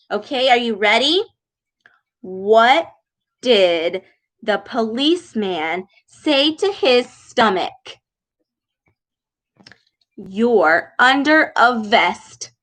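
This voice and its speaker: Young female speech therapist for kids, slightly high voice, slow and exaggerated, gasping with delight. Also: rough recording. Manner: animated, exaggerated sounds, frequent gasps, slow deliberate words. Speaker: speech therapist reading with children. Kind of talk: children's speech lesson over video.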